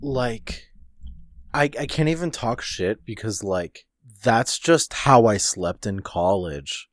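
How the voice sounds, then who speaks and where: Laid-back young man, slow lively drawl. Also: on the low side, no echo, studio quality. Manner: laid-back, swears freely, trails off and restarts. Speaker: podcast co-host. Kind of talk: casual chat.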